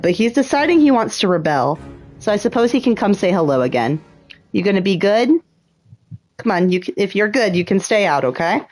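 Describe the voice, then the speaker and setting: A woman's voice: medium pitch, darkish tone. A woman livestreaming a puzzle game, thinking aloud in a chatty way and swearing freely. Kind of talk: casual gameplay commentary.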